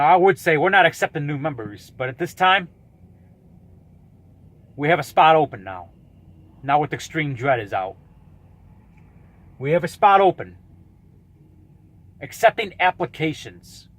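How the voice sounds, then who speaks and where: A man's voice: fairly high pitch, fairly bright tone. A man in his thirties ranting in a vlog, blunt, combative and profane as he calls out a rival. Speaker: YouTuber calling out a rival.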